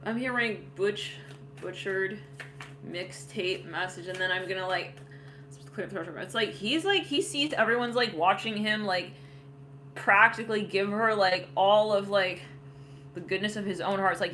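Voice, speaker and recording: A woman's voice: medium pitch, unhurried, fairly bright tone, a little hiss or hum. A woman giving a casual tarot reading, rambling with lots of fillers and frequent laughter. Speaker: tarot reader.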